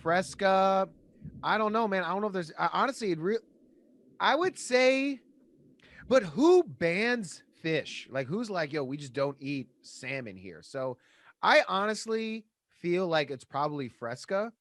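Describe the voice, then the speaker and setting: A man's voice: high-pitched, lively intonation, a little slow, a bit bright. A man playing as a contestant in a comedy game, bantering casually with slangy, laid-back talk.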